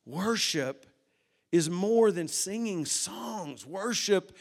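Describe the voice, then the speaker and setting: A man preaching a sermon, moving from hushed tones to loud emphasis and asking the congregation questions. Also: high voice, lively intonation, very slow, gravelly.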